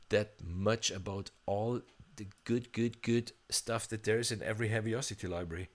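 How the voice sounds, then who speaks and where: A man composer live-streaming a walkthrough of a sample library, talking in a chatty, enthusiastic way with frequent restarts. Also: on the low side. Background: faint instrument demos playing.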